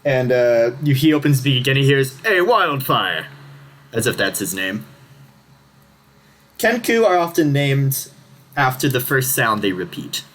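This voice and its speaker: A man's voice: mid-range voice, sing-song, normal speed, slight background noise. A man narrating a tabletop game as game master, casual and rambling, laughing often.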